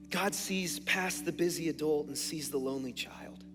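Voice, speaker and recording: A male pastor preaches with an earnest voice pitched a little high, dropping low and then building to loud emphasis. The sound fills a long-reverb hall, with faint music behind him. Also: normal speed, few pauses. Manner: earnest, swings from hushed to emphatic. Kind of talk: sermon.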